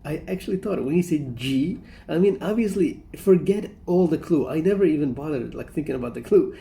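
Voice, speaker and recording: A man's voice: on the high side, lively intonation, a little fast, vocal fry, dark tone. A man hosting a casual reaction commentary, rambling and amused, often breaking into laughter. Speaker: reaction video host.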